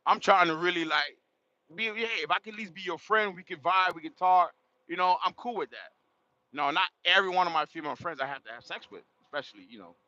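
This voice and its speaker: A man's voice: high-pitched, fast, pushed and bright, dry recording. A man telling a story to his livestream chat in a casual, slangy way, often laughing and exclaiming. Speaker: livestream host. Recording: dull lo-fi sound.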